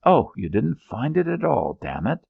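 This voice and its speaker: A man's voice: on the low side, very animated, unhurried, vocal fry, breathy edge, no room sound, phone-quality sound, heavily acted. A man voicing a proud, irritable wounded male soldier who speaks in a curt, peevish way. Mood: testy.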